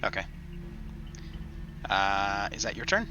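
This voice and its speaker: A man narrating as game master of a tabletop game, easygoing and casual, with many pauses. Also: fairly low pitch, big pitch swings, muffled recording, noisy background. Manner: easygoing, casual, says "uh" often.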